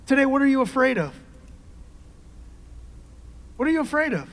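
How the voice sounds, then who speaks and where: A middle-aged male pastor preaching a sermon, emphatic, swinging from shouted peaks to quiet conversational asides. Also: very high-pitched, sing-song, normal speed. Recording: long hall reverb.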